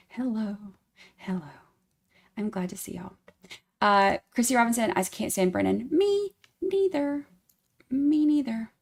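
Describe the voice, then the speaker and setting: A woman's voice: on the high side, gravelly, a little mellow. Chatty woman livestream host. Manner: chatty, rambling, frequent fillers and restarts; greets viewers by name in a rising, singsong tone. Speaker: true crime livestream host. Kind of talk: casual live chat, greeting members.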